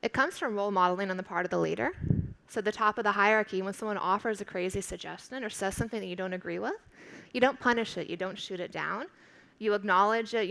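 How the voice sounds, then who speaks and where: A woman professor delivers a keynote from a conference stage, her mid-pitched voice carrying a gravelly edge of fry. She speaks in a clear, instructive and emphatic way. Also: a bit bright, poor audio.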